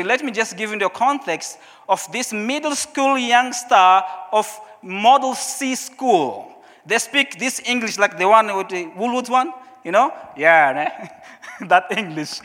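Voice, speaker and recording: A man whose first language is Portuguese, speaking English with a Portuguese accent, preaching a sermon and telling his story in an animated way. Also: high-pitched. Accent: Portuguese-speaking African. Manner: storytelling, animated, acts out his own past questions. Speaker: pastor. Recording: long hall reverb.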